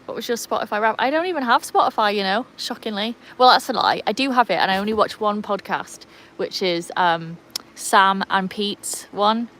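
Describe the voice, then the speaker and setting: With a medium-pitched, slightly bright voice and few pauses, an English woman keeps up a moderately paced livestream chat outdoors beside a sunny pool. She greets viewers by name and baby-talks and calls to her dogs. The recording is low quality.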